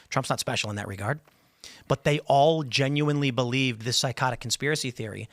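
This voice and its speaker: Bright-voiced man hosting political talk. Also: mid-range voice, no echo, clean studio sound. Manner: animated, mocking, talks fast in bursts. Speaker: podcast host. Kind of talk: political talk show commentary.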